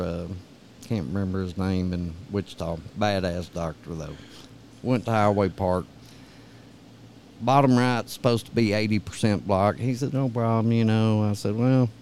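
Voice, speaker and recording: Low, mellow-voiced man. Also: a little hiss or hum. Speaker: podcast guest. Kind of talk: casual chat.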